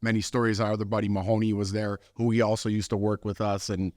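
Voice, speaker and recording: Rambling male podcast co-host, lowish voice, dry close mic. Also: little pitch movement, quick pace, darkish tone, no echo. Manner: rambling, lots of "you know" fillers. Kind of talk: casual chat.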